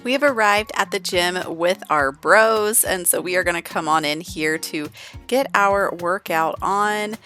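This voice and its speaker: A woman's voice: fairly low pitch, unhurried, bright, forceful tone, faint music behind. A young woman giving chatty, bubbly commentary as she plays a life-sim game. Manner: chatty, bubbly, filler-heavy. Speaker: game let's-play host. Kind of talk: casual gameplay commentary.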